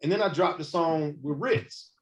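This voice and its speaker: A man's voice: on the high side, moderate pace. A man in his forties, a hip hop artist guest, telling stories casually and acting out quotes. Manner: animated storyteller, acts out quotes. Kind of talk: casual storytelling interview. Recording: muffled lo-fi recording.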